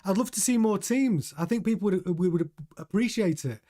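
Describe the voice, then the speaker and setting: A mellow, high-sitting voice at an ordinary pace belongs to a man hosting a casual live stream on motor racing. Coffee in hand, he's talkative and opinionated, reading the chat aloud to his audience.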